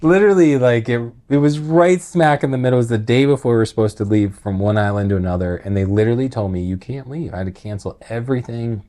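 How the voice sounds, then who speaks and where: A man's voice: medium pitch, fast, hardly any pauses, warm tone. A middle-aged man telling a personal story in casual, earnest talk, rambling with many restarts and filler words.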